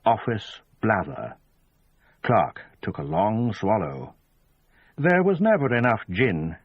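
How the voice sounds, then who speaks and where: A man giving measured, scripted narration of an audiobook, in dull lo-fi audio. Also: lowish voice, sing-song, breathy edge, no room sound. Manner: measured storytelling.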